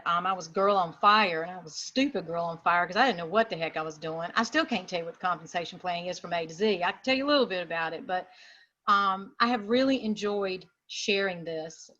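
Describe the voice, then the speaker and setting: A woman's voice: mid-range voice, a bit bright, highs cut off. A middle-aged woman giving an emotional, chatty personal testimony as a guest speaker.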